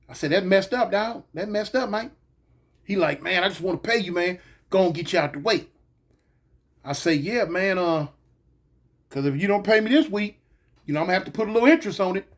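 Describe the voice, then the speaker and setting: A man telling a story in a casual, animated way, acting out the voices of the people in it. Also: sits high.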